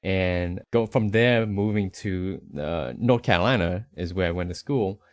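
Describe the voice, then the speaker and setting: A man's voice: low-pitched, measured pace, no echo, clean studio sound. A young man from the Northeastern United States with a slight Rhode Island accent, chatting easily as a podcast co-host, rambling with fillers and restarts. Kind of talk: casual conversational podcast chat.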